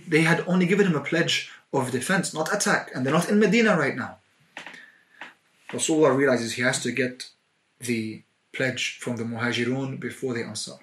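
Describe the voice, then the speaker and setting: A man's voice: on the high side, fairly bright tone, echoey room. A man preaching, telling a dramatic story with building intensity and acting out the voices of the people in it. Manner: vivid, building intensity, acts out quoted voices.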